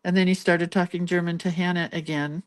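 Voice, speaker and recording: A woman's voice: fairly low pitch, level tone, brisk. A woman hosting a craft channel, telling a rambling story in casual chat and laughing between lines. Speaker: lettering and doodling channel host.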